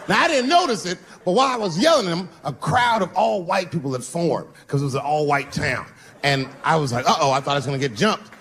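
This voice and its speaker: A man performing stand-up comedy on stage in front of a live audience, animated and bursting into shouts. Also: fairly high pitch, quick pace, hardly any pauses. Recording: noisy live show recording.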